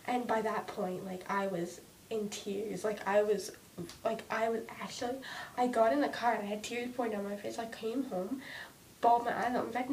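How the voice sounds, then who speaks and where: A young woman vlogging an emotional rant about her own anxiety, halting and restarting often as she speaks. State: anxious. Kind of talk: emotional personal vlog rant. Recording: distant mic with faint rumble.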